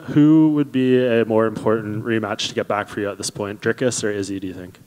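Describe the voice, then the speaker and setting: Brisk reporter with a lowish voice. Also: male voice, fairly even intonation, darkish tone. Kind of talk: press questions. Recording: reverberant media room.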